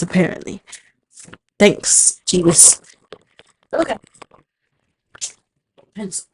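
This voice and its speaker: Young woman streamer, chatty and self-mocking, unhurried, voice leaping up and down. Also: fairly high pitch, a little mellow, husky. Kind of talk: casual chat while streaming.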